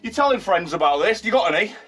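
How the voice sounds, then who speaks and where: A man chatting and joking loudly while moving heavy furniture, swearing and exclaiming often, a little out of breath. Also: sits high, animated, quick pace, breathy edge, faint music behind. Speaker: vlogger. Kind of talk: casual chat while doing heavy lifting.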